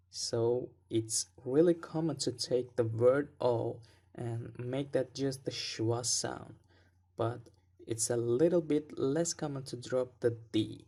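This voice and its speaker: A male English pronunciation teacher recording an online lesson. He speaks slowly and deliberately in a mid-range voice, repeating each sound several times to demonstrate it. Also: medium pitch, dark tone.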